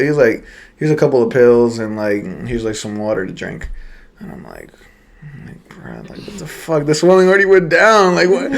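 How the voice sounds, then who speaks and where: A young man co-hosting a podcast, telling a story in casual chat, animated and swearing, laughing often. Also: sits high. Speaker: podcast co-host.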